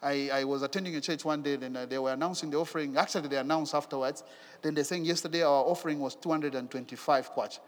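A man preaching a sermon in an animated way, asking rhetorical questions and repeating his phrases. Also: a little high, fast, in a large hall.

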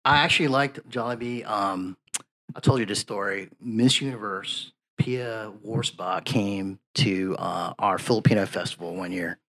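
A man talks as a guest on a podcast. He rambles through his stories and keeps tossing in "man" and "you know". The conversation is relaxed and unscripted. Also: on the low side, unhurried. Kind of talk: casual podcast chat.

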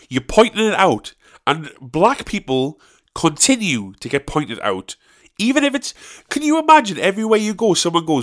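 Animated Northern English man ranting. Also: high voice, fairly quick. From North of England. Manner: animated, sweary, ranting with repeated restarts. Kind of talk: casual monologue.

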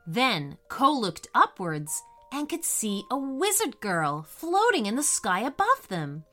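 Slow, animated woman reading a children's story. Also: medium pitch. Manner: expressive, unhurried.

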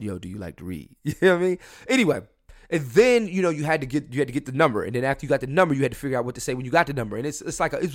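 A young man hosting a solo podcast from his room at home, drunk and high, talking loosely and jokingly, with mumbled asides that break into loud emphatic bursts. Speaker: podcast host. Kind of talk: casual solo podcast rant.

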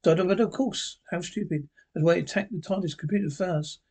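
An eccentric male time traveller, read aloud by a man. The voice sits fairly high for a man. Each line is read plainly, with the speaker named before it. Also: brisk, darkish tone, husky.

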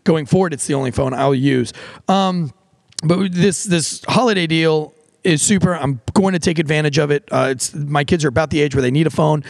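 A man's voice: on the high side, no room sound. A middle-aged man hosting a podcast, chatting casually with rambling asides and plenty of swearing. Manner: profane, rambling, quick asides. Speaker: podcast host. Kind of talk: casual podcast chat with a host-read ad.

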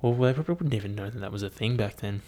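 A man's voice: lowish voice, racing, a little hiss or hum. Rambling, swearing young man. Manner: profane, animated, thinks aloud with many fillers. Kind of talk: casual rambling monologue.

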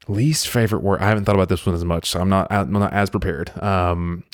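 A man from the American South hosting a podcast, talking in a rambling, animated way with lots of restarts. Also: deep voice, quick pace, no echo, clean studio sound. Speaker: podcast host. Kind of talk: casual podcast chat.

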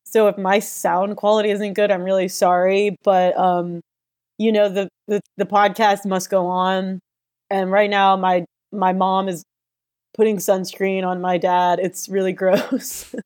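A woman's voice: mid-range voice, little pitch movement, unhurried, darkish tone, close to an everyday voice. A woman playing a giggly awkward teen host. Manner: giggly, rambling, flustered. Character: awkward eager sixteen-year-old girl talk show host. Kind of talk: improvised comedy podcast. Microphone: no proper microphone.

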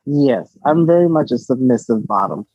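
A husky-voiced man in his twenties talks frankly as an interview guest, giggling and often restarting his sentences. The sound is dry and close, but slightly dull and lo-fi. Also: mid-range voice, lively intonation, moderate pace, mellow, dry recording. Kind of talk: candid casual interview.

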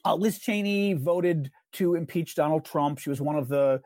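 A man's voice: a little high, moderate pace, a little mellow, dry recording, studio quality. A man hosting a casual political podcast, joking and rambling through asides. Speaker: podcast host.

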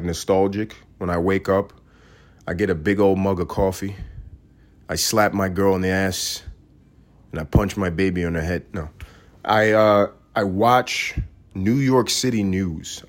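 A man hosting a solo comedic podcast, ranting in a profane, sarcastic way that swings from loud outbursts to low mumbling. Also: moderate pace. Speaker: podcast host.

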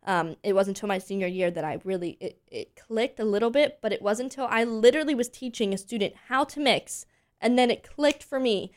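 A woman in her twenties, a voice teacher from Pennsylvania, chatting as an interview guest and telling animated stories full of fillers. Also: on the high side, a little fast. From Pennsylvania, USA. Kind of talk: casual interview chat.

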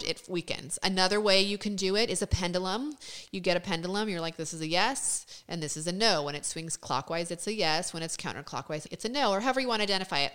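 Woman in her 30s on a podcast, lowish smooth voice, blunt, drops the odd f-word while explaining stuff. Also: fairly bright tone. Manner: candid, explanatory, swears freely. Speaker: podcast host. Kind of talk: casual podcast conversation.

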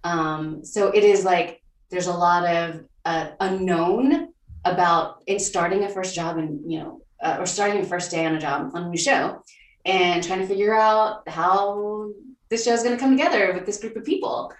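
Woman TV writer, interview guest, lower voice, reflective, slightly distant mic in an echoey room. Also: normal speed. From Vietnam, raised in Texas. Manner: thoughtful, many restarts and fillers. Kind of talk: conversational interview. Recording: roomy, a little off-mic.

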